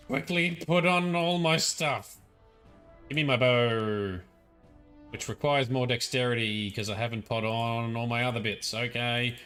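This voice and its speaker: Chatty aussie guy streaming a game, bright voice, bit of game music behind. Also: medium pitch, smooth. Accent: Australian. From Australia. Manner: chatty, laughs, thinks aloud. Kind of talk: live-stream gameplay commentary.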